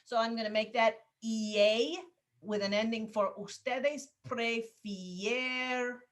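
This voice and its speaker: A woman teaching a Spanish class over a video call, explaining grammar rules patiently step by step and gently calling on students. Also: on the high side, level tone, moderate pace. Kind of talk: online class instruction.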